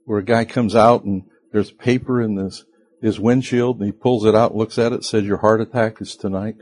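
A man preaching a sermon in a slow, earnest way, sometimes rising sharply in pitch and loudness for emphasis. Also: fairly even intonation. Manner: acts out quoted voices of listeners. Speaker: pastor.

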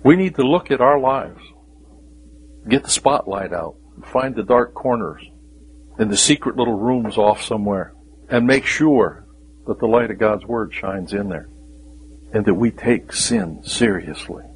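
A man preaching a sermon, with dramatic pauses and emphatic rising questions, sometimes dropping to a whisper. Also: lowish voice, animated, slight background noise, low-quality recording.

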